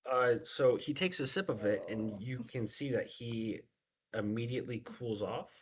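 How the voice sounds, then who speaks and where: A man's voice: mid-range voice, moderate pace, a little hiss or hum. A man narrating as game master of a tabletop game, casual and full of fillers.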